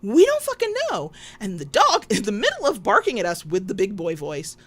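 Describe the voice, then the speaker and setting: Give me a woman co-host chatting casually, lively in pitch, cursing and laughing as she talks. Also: a little fast, slightly rough. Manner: animated, swearing storyteller with frequent laughs. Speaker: podcast co-host. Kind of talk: casual chat.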